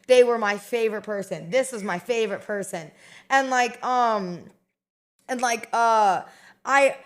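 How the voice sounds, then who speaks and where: A woman's voice: a little high, a little slow. A woman streamer in casual chat, rambling and chatty with lots of fillers and restarts.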